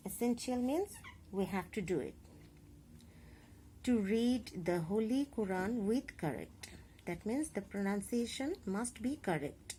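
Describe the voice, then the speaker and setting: A young adult woman teacher with a Bangladeshi accent, explaining a class lesson slowly and carefully, spelling out examples. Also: mid-range voice, mellow, a little hiss or hum. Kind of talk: recorded online class lesson.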